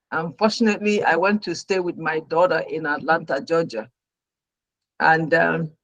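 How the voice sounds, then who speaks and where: A middle-aged woman, a registered nurse, telling her own story as a talk show guest with lively, dramatic delivery. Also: on the low side, no echo, poor audio. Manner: animated storyteller who acts out her own past reactions.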